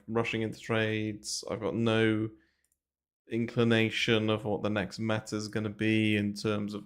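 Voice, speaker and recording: A man with a gravelly voice on the low side gives casual, meandering market commentary on his crypto trading livestream. Fillers and casual swearing run throughout, and he talks into a close desk mic in a small bare room.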